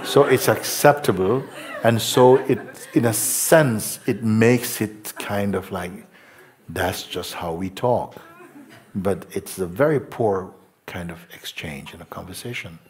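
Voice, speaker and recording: A man's voice: lowish voice, slow pace, a little mellow. A man from Jamaica, a spiritual teacher giving a live satsang talk, playful and laughing often as he mimics how people talk.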